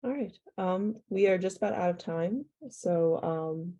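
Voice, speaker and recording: Gravelly low-voiced woman interviewer. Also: a little slow, dark tone, dull audio. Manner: brief friendly interjections and questions. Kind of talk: casual interview chat.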